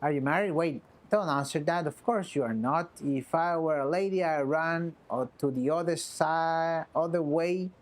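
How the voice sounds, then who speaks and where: Woman voicing a sarcastic game brawler, fairly low voice, impatient, slangy. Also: moderate pace, few pauses, close to an everyday voice. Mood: mocking. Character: blunt, mocking man, a brawler. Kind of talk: reading game dialogue aloud.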